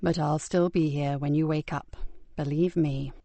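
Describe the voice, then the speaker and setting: A woman narrator voicing a gentle male police sergeant who talks softly and reassuringly. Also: fairly high pitch, steady tone, unhurried, gravelly, dry recording, voice pushed down. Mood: soothing. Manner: soft, reassuring, hushed.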